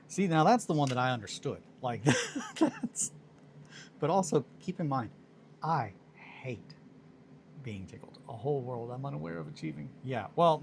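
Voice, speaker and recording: A man's voice: medium pitch, lively intonation, normal speed, gravelly, slight background noise. A man chatting casually on a hobby stream in a rambling, self-amused way while he works on miniatures.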